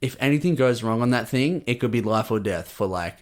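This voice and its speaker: A man's voice: mid-range voice, a little fast. A young man with an Australian accent, co-hosting a podcast and telling stories in casual chat, acting out quotes as he goes. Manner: animated storyteller, acts out quotes. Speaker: podcast co-host.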